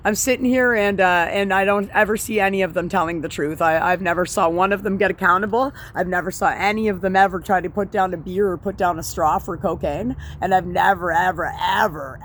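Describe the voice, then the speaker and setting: High-voiced man in a profane rant. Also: fairly bright tone, slight background noise. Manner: profane, repetitive, halting with many fillers. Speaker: sobriety vlogger. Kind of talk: angry ranting monologue. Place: outdoors at dusk.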